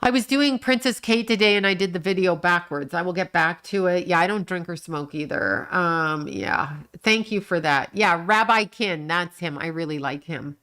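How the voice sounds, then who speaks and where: This woman livestream host has a fairly low, slightly bright, clean voice and speaks at normal speed with few pauses. In casual chat she reads viewer comments and talks back, bluntly ranting and cursing at whoever she's discussing.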